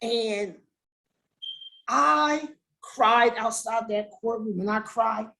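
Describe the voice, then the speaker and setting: Speaking slowly in a fairly high, creaky voice, a middle-aged woman tells an interviewer about her incarcerated son. She retells it with feeling and animation, acting out the dialogue, on a low-quality recording.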